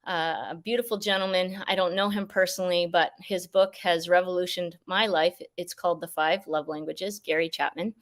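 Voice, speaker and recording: A woman's voice: lowish voice, fairly even intonation, normal speed, few pauses. A woman hosting a live show, effusive and enthusiastic, laughing often as she talks. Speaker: show host. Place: outdoors near a mountain.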